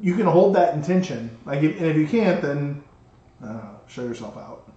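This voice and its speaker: A man's voice: fairly high pitch, normal speed. A man in his thirties co-hosting a podcast, chatting casually and telling rambling stories with lots of restarts. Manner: rambling, animated storytelling with many restarts. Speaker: podcast co-host. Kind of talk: casual chat. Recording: echoey room, dull lo-fi sound.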